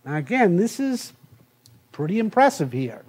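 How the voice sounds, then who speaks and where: A middle-aged male professor giving a university lecture, halting with many filler sounds and restarts and reading passages aloud. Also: sits high, very animated, a little mellow, breathy edge. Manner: reads passages aloud from the text.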